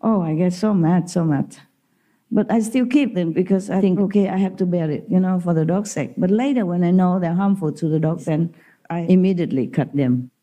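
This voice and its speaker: A woman's voice: lowish voice, brisk, warm tone. A woman spiritual teacher giving an informal talk to disciples, telling stories in simple non-native English and laughing often.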